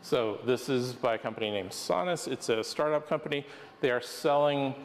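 A man's voice: medium pitch, moderate pace, soft background music. A man, a professor, explaining ideas in a wry, explanatory way during a lecture discussion. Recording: reverberant hall, faint noise.

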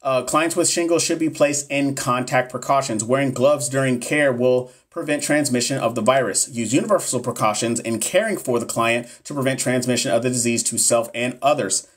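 A man's voice: mid-range voice, moderate pace, few pauses. Profane, hyped-up male nursing tutor. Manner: casual, profane, hyped-up talk to viewers. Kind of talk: live-stream exam review.

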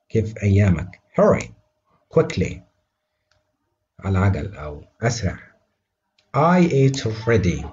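Low-voiced man teaching English. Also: warm tone, highs cut off, slight background noise. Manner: models each English phrase slowly and clearly, then translates it quickly into Arabic. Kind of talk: English vocabulary lesson.

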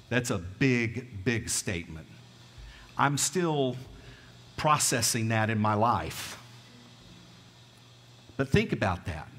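Southern-twanged preacher in a reverberant church. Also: male voice, medium pitch, fairly bright tone, breathy edge. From American South. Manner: folksy, conversational, asks the congregation questions. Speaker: pastor. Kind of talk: storytelling sermon. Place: church sanctuary.

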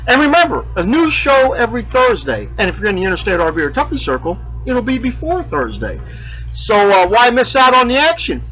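A man's voice: very high-pitched, big pitch swings, brisk, pushed and bright, soft background music, low-quality recording. A man hosting a homemade RV show, chatting casually and telling a joke, with many fillers and restarts. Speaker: host of an RV show. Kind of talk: casual rambling chat.

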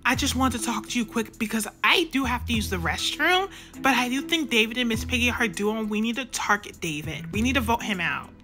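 Woman doing a pushy toy elephant guy, bright lively voice, talks you into stuff. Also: fairly high pitch, fairly quick, hardly any pauses, soft background music. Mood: scheming. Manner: urgent, persuasive. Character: Elefante, male toy elephant contestant, pushy. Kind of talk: toy reality-show role-play.

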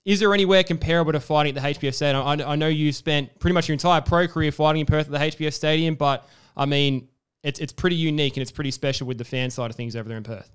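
A man's voice: on the high side, fairly even intonation, racing, clean tone. A young man hosting a sports podcast, chatty and enthusiastic, with lots of fillers. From Australia. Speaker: podcast host. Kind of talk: casual sports interview.

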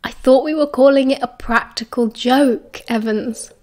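A woman's voice: sits high, fairly even intonation, measured pace, darkish tone. A woman doing a cocky, cheeky teenage boy.

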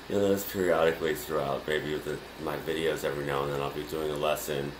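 A man's voice: rumbling low, fairly even intonation, a little fast. A man teaching the basics of audio in a casual way, laid back and chuckling often as he talks from his home studio. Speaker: DJ and music production teacher. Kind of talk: casual spoken lesson. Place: home studio room with computer. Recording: roomy room echo, faint noise.

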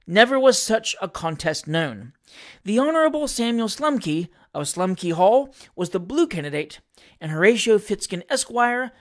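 A reader narrating a classic novel in a theatrical, expressive way. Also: mid-range voice. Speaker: audiobook reader.

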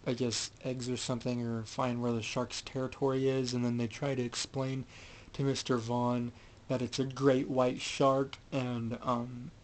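A man retells a film plot in a loose, rambling way, stopping and restarting with frequent fillers. His pitch stays fairly flat and mid-range throughout. A faint low rumble sits under the recording. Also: a little slow, low-quality recording. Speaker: film reviewer. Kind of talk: casual film recap.

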